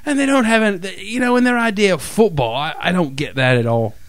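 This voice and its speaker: A man's voice: sits high, brisk, no room sound. A man co-hosting a radio show, joking around and hamming up Aussie slang. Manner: goofy, hams up Aussie slang. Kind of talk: joking on-air banter.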